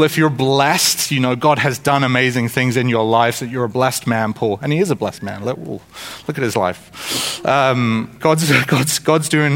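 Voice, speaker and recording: A man's voice: medium pitch, a bit bright. A man preaching a sermon in a conversational, informal way, with frequent restarts and asides and jokes with the congregation. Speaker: pastor.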